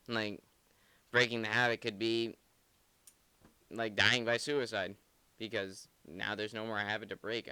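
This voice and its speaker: A man's voice: fairly low pitch, pushed and bright, clear, resonant tone, no echo. A man co-hosting a podcast, breaking down song lyrics in casual, rambling talk full of filler words. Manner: rambling, heavy use of filler "like", earnest. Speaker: podcast co-host. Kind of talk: casual song analysis chat.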